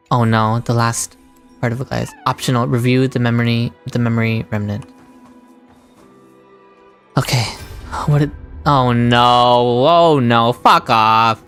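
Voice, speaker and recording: A woman's voice: rumbling low, smooth. A woman streaming a story game, reacting emotionally and swearing as she comments. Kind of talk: casual gameplay commentary.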